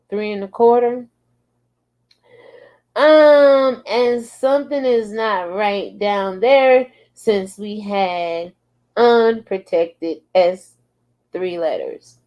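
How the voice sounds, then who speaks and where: Slow-drawling woman commentator. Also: medium pitch, highs cut off. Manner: slow, drawling, laughs often. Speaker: commentary channel host. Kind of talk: casual commentary, reading posts aloud.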